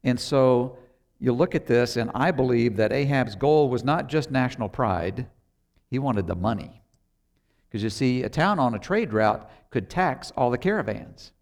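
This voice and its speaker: A man's voice: mid-range voice, lively intonation, unhurried. A man preaching a sermon, retelling a Bible story conversationally and acting out the characters' lines. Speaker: pastor.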